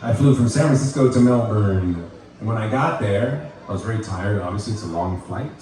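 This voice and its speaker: A man's voice: on the low side, animated, fairly quick, dark tone. A man from the United States telling a stand-up story to a live crowd, loose and laughing as he talks. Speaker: stand-up comedian. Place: bar with live audience. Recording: echoey venue, crowd noise, mic at a distance.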